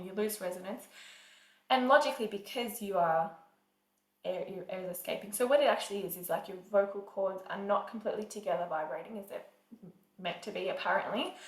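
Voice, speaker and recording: A woman's voice: medium pitch, a little fast. A woman teaching singing in a casual, chatty way, often saying "like" and "um" as she explains. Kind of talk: casual vocal lesson. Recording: echoey room.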